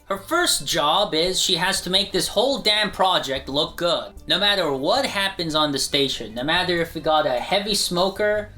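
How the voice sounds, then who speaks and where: A man giving a casual, joking pitch for an animated show in an energetic, conversational way. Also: moderate pace, few pauses, soft background music.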